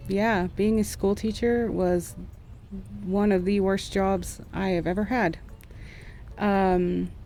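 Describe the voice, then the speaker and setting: A woman's voice: medium pitch, a little mellow. A young woman, a former school teacher, chatting candidly and at length about her frustrations in a casual art vlog. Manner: frank, rambling, frustrated venting. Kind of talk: candid casual chat over drawing. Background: faint background music.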